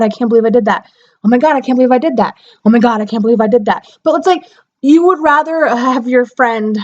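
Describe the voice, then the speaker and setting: A woman's voice: medium pitch, muffled recording. A young woman giving a casual spoken book review, rambling and exasperated as she talks through what frustrated her.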